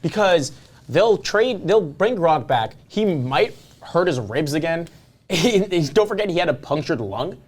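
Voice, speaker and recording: A man's voice: on the high side, sing-song, a little slow. A man co-hosting a casual podcast, talking in a loose, rambling way. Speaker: podcast co-host.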